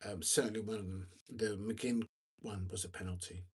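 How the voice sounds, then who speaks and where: A man's voice: fairly low pitch, steady tone, moderate pace, a little mellow, slightly rough. A tired man hosting a football watch-along live stream, rambling casually, using many fillers and reading out viewer comments.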